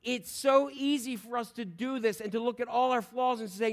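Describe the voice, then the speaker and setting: Animated high-voiced male preacher. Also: moderate pace. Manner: animated, acts out voices in quotes, jokes with the congregation. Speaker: pastor. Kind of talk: sermon.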